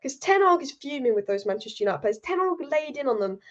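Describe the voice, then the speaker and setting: A young woman hosts a live-streamed football fan show, ranting heatedly and reading viewer comments aloud. Her voice sits high. The stream audio is dull and lo-fi. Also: very animated, quick pace. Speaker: football channel host.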